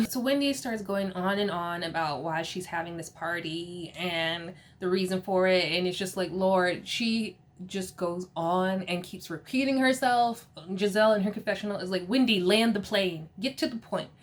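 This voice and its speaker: A woman hosting a casual reality TV episode recap, chatty and sassy, laughing often and quoting the cast in animated asides. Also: on the low side, normal speed, few pauses.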